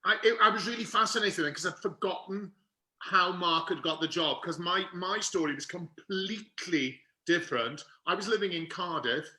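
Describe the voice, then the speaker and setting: A middle-aged man from Wales telling a lively, theatrical story as an interview guest, with quick asides. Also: high voice. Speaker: guest actor. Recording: roomy echo.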